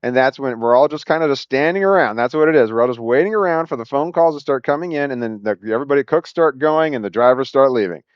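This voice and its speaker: A man telling a personal story at a quick clip, with many restarts and acted-out quotes. His voice sits in a middle register. The recording is dry and a little dull, like a lo-fi room mic. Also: mid-range voice, clean tone, no room sound. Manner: rambling, animated retelling with acted quotes and frequent restarts. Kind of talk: casual spoken anecdote.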